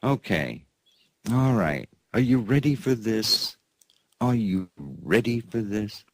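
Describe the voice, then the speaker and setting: A slow, husky-voiced man hosts a sarcastic alternative news roundup, his low pitch swooping up with mocking glee. He reads headlines in a folksy, mocking way, laughing at the stories. The recording is close and dry. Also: big pitch swings, no room sound. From United States. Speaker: news show host.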